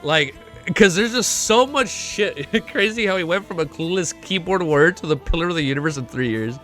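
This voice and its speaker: A young man chatting casually on a live stream while reacting to a web novel, excitable and swearing often. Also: on the high side, normal speed, faint music behind.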